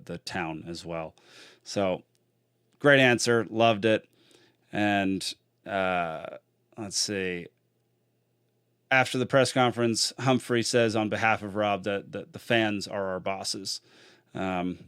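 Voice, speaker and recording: A man hosts a casual solo podcast, talking in a loose, rambling way. His voice sits a little low and comes across smooth and clear. The sound is dry and close, with no room echo. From Texas. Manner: chatty and rambling, with many fillers and restarts. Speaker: podcast host.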